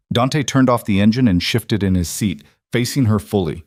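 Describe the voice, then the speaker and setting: Low-voiced male story narrator. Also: normal speed, few pauses, no room sound, clean studio sound.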